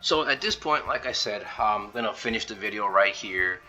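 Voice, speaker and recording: A man's voice: fairly low pitch, animated, moderate pace, pushed and bright, soft background music. A man casually recapping a story in a loose, rambling way full of fillers, as a video reviewer.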